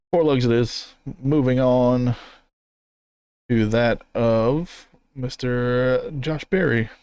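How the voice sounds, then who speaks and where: A man's voice: mid-range voice, drawn-out words, smooth, dry recording. A man co-hosting a podcast in casual chat, rambling and easygoing, laughing often. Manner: relaxed, rambling, laughs easily. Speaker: podcast co-host. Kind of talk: casual chat reviewing race car paint schemes.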